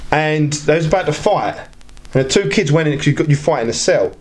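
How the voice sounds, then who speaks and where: A man chats loosely on a podcast, his voice sitting a little higher than most men's. He rambles through stories with many restarts and acts out the lines of the people in them. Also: expressive, brisk, slight background noise. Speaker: podcast guest. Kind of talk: casual chat.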